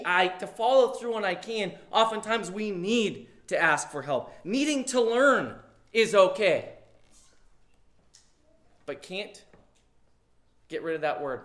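A man, a pastor, preaching a sermon in a conversational way, with sudden loud emphasis on key words. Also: sits high.

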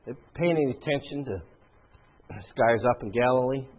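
A man preaching a sermon in a conversational, rhetorical way, often clearing his throat. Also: medium pitch, normal speed. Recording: tinny phone-like sound.

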